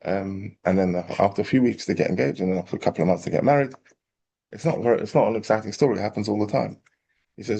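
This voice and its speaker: A man, a rabbi telling a parable in a lively storytelling class. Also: on the low side, fast talker, vocal fry, husky. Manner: animated storyteller, acting out quotes.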